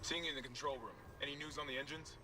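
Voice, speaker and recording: A man voicing a commanding ship officer in a video game, speaking in clipped orders, heard as distant game audio under loud noise. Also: a little high, steady tone, racing, lightly acted.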